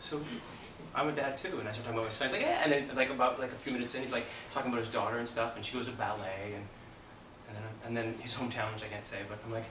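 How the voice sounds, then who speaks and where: A man's voice: mid-range voice, racing. A man teaching an acting class in a studio, telling stories animatedly, swearing and acting out scenes. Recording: roomy, distant, noisy room recording.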